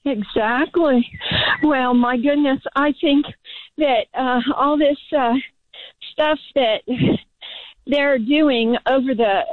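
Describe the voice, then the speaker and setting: Breathless high-voiced woman on a phone line. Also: takes it slowly, no room sound. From United States. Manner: hesitant, many fillers. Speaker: caller. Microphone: phone outdoors.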